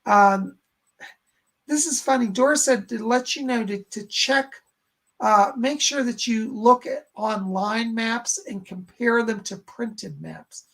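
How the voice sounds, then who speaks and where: A man's voice: extremely high pitch, slow, fairly bright tone. A man hosting a live stream as a psychic medium, chatting reassuringly as he reads chat questions aloud and passes on messages. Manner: chatty and reassuring, with many "and she said" asides.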